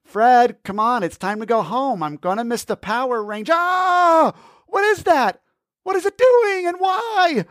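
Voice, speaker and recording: A man voicing a skittish, nerdy young boy with a squeaky, shrill voice and panicky shrieks. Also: normal speed, few pauses, no echo, studio quality, close to an everyday voice. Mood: whiny.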